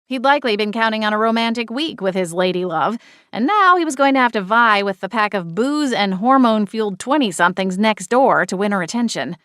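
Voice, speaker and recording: A woman narrating a cozy mystery audiobook in first person, expressive and playful. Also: mid-range voice, brisk, no echo, clean studio sound.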